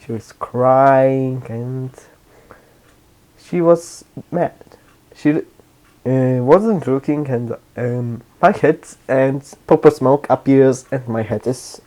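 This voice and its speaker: Brief: male storyteller, improvised and rambling, slow delivery, mid pitch. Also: darkish tone. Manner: rambling, halting, with restarts and self-corrections. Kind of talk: improvised fan story narration.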